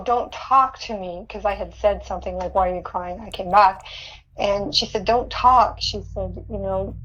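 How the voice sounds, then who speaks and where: A woman's voice: medium pitch, dull audio. A woman guest on an interview podcast, recounting a personal experience earnestly, often repeating words and laughing. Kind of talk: interview storytelling.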